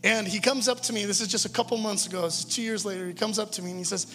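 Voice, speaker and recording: High-voiced man preaching in a hall. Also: fairly even intonation, racing, bright, forceful tone, slight background noise. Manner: earnest, conversational preaching with stumbles. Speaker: pastor. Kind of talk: sermon. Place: church hall. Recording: long hall reverb with music.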